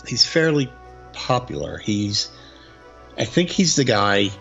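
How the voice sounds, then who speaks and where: Casual host: man, low gravelly voice, swings his pitch a lot, dull lo-fi sound with faint music under it. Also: slow pace. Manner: animated, breaks into mock voices and quotes. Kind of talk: casual chat.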